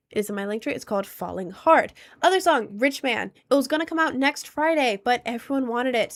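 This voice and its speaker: A woman streamer chatting casually on a live stream, rambling with lots of fillers and restarts. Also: on the high side.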